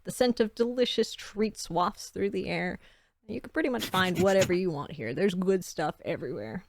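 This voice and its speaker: A woman's voice: fairly low pitch, moderate pace, gravelly, slight background noise. A woman narrating a tabletop game as game master in a chatty, loosely improvised way.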